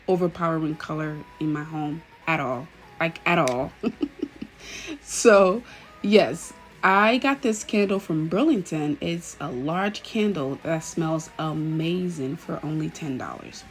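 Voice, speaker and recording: A woman chatting casually through a home decor vlog, gushing now and then with excited cheers. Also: on the low side. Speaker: home vlogger.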